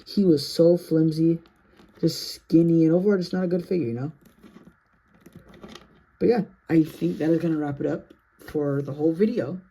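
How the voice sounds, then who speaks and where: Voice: medium pitch, normal speed, vocal fry, pauses often, dark tone, breathy edge. A sleepy, yawning action figure reviewer talking through a casual toy review in a rambling, self-correcting, apologetic way.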